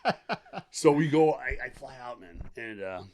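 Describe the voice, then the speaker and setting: A middle-aged man, a podcast guest, telling a candid story in a rambling, animated way, acting out the lines of the people in it. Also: medium pitch, a little slow, crowd noise. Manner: animated, rambling, acts out quoted dialogue, laughs often.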